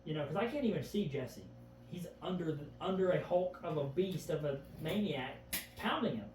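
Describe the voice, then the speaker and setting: A man's voice: fairly high pitch, lively intonation, normal speed, darkish tone. A man in a casual podcast chat, earnestly retelling events in vivid detail, often starting with "I remember". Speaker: podcast guest. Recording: echoey room, far from the mic, faint background hum.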